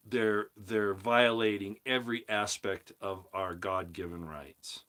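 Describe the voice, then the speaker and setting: Rambling low-voiced man on a stream. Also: fairly even intonation, unhurried, hardly any pauses, pushed and bright. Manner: rambling, repeats words and restarts, stresses points with rising emphasis. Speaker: host of a live commentary stream. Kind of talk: casual monologue, reading viewer comments.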